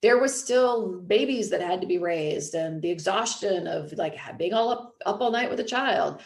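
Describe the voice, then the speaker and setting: A woman's voice: on the low side, expressive, moderate pace, roomy sound. A woman in her thirties, host and coach, talking casually and filling her speech with "like" and "you know". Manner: chatty, frequent "like" and "you know". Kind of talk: casual podcast talk.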